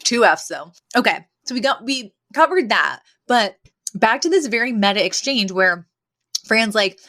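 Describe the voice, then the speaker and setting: A woman co-hosting a podcast, talking in an animated, casual way with lots of fillers. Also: on the high side, moderate pace. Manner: animated, chatty with many fillers. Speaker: podcast co-host. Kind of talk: casual chat.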